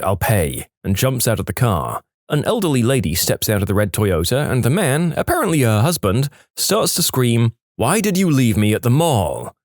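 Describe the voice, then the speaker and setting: Man, story narrator, deep voice, animated intonation, dry studio sound. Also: no room sound. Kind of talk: reading reddit stories aloud.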